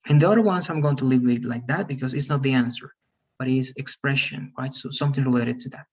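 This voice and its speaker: A man's voice: medium pitch, fast talker, breathy edge. A man teaching an online English class, giving patient, repetitive instructions and checking in often with his students. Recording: distant, muffled video call audio.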